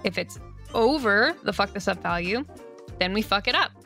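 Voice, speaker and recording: An upbeat woman co-hosts a radio game show and explains the rules casually. She swears freely. Her voice sounds bright, with faint music underneath. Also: medium pitch, expressive, moderate pace. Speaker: co-host and game runner.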